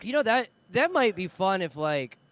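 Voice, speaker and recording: A woman's voice: mid-range voice, sing-song, normal speed, a loud crowd. A woman on a podcast panel in a casual chat, rambling with lots of filler and swearing.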